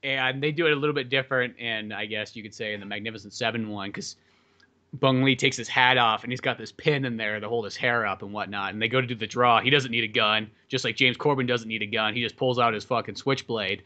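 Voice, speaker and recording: Man, movie podcast co-host, bright tone, loose and swearing, acts out quotes. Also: mid-range voice, steady tone, fast. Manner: rambling, profane, lots of fillers, acts out quoted lines. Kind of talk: casual movie review chat.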